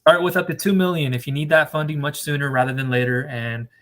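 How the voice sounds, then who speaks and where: A man's voice: a little high, fairly even intonation, a bit bright. A man talks straight to his viewers about business funding in an emphatic, lecturing way. He leans hard on key words and stretches them out to drive the point home. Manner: emphatic, lecturing, drawn-out stresses. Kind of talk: direct-to-camera advice monologue.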